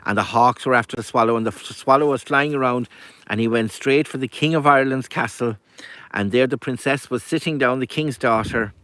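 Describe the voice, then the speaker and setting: Male storyteller, conversational folk-tale teller, mid pitch. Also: fairly quick, dry recording. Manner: lively, conversational, with asides.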